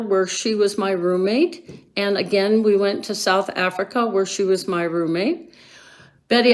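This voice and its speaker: A woman's voice: mid-range voice, low-quality recording. A woman from Colorado recording an earnest, affectionate birthday video message for an old friend. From Colorado, USA. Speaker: friend sending video greeting. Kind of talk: warm personal video message.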